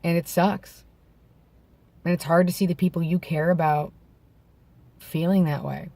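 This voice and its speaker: Outdoors under bright daylight, a male vlogger gives a candid personal talk to camera, pausing reflectively and often restarting or correcting himself. His slightly high, mellow voice is gravelly from vocal nodes and a little hoarse from clearing his throat, with fairly even intonation on a dry recording.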